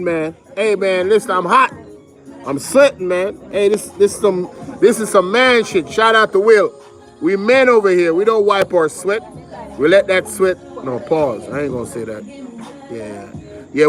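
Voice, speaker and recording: Man, Jamaican accent, fairly high voice, heated livestream commentary, rhetorical questions, viewer shout-outs. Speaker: livestream host.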